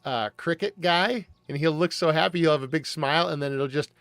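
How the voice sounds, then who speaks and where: A man's voice: on the high side, brisk, a bit bright, dry recording. A man streaming live, chatting casually in a rambling, profane, joking way over faint music.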